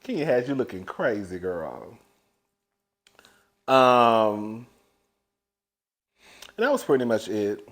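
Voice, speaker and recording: A man giving a casual, sassy recap of a reality show, laughing often and calling his viewers "girl" while swinging between loud and hushed. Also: mid-range voice, very animated, slow, pauses often.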